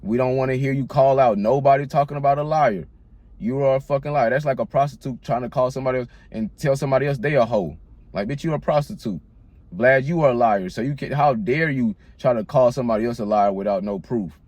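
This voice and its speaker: A man hosting his own channel, venting in a blunt, profanity-laced rant and repeating his points. His voice sits at a middling pitch, and the sound is dry and close with no room echo. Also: fast talker, darkish tone. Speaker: channel host. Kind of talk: angry rant to camera.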